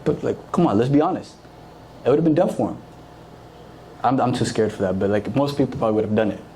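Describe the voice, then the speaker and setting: A man's voice: medium pitch, fast talker, darkish tone, a little hiss or hum. A young man giving a casual, conversational sermon to a youth group, full of fillers and acted-out quotes. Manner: conversational, filler-heavy, acts out quoted voices. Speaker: youth preacher.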